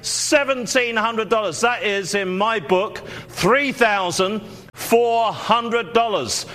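Man, auctioneer, high voice, bright tone, rapid bid calling, many uhs.

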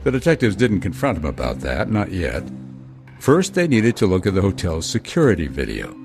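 A man reading a scripted true-crime narration in a measured way, with dramatic pauses. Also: sits low, huge pitch swings, a little mellow. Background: music.

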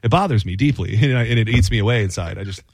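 A man's voice: fairly low pitch, very fast, vocal fry. A man in his thirties co-hosting a talk show, telling rambling stories and acting out what people said. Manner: rambling, animated storyteller who acts out quotes. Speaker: radio show co-host. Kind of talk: casual banter storytelling.

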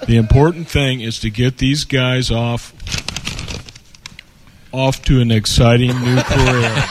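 A man speaks slowly and earnestly, like a pitchman in a spoof infomercial. His voice sits at a middle pitch. There is audible noise over the recording. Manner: earnest salesman delivery full of double entendres. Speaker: comedy sketch performer. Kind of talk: mock infomercial spiel. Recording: noisy studio recording.

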